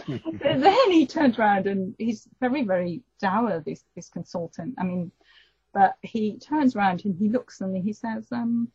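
Husky woman, mellow dark voice, animated storytelling, dull lo-fi recording. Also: medium pitch, a little slow, no echo. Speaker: guest telling her story. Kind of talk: personal storytelling in an interview.

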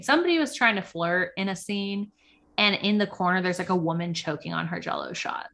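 A woman's voice: fairly low pitch, fairly quick, a bit bright. A young woman co-hosting a podcast, gossiping casually about a reality show and saying "like" a lot. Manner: chatty, gossipy, full of "like". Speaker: podcast co-host. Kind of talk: casual chat recapping reality TV.

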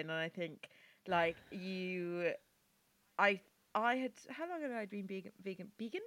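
A woman's voice: mid-range voice, a little slow, a bit bright, no echo. A woman co-hosting a podcast in casual chat, earnest and rambling, stumbling over words. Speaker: podcast co-host.

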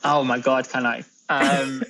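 A young man, an author being interviewed, talking earnestly and haltingly with many ums and restarts. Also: medium pitch, little pitch movement, bright, forceful tone, dry recording, rough recording. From Britain. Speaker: author and guest. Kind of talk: candid interview conversation.

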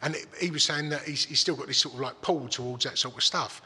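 A man's voice: medium pitch, fast talker, pushed and bright, husky. A man telling a story in casual chat, swearing freely and restarting his sentences. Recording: long hall reverb.

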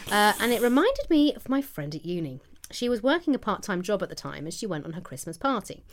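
A woman's voice: mid-range voice, big pitch swings, fairly quick, slight background noise. A woman co-hosting a podcast, telling a funny anecdote with giggles in casual chat. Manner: giggly, tells anecdotes with laughs. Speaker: podcast co-host.

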